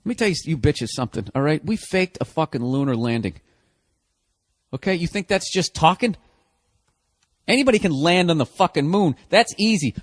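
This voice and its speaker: In a dry recording, a man with a voice slightly higher than most men's delivers an exasperated comic rant full of profanity, firing off one rhetorical question after another.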